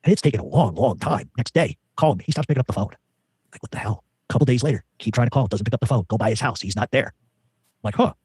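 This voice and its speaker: A man's voice: medium pitch, animated, fast talker, darkish tone, breathy edge, no room sound. A man telling a long rambling story as an interview guest, full of fillers and quoted dialogue.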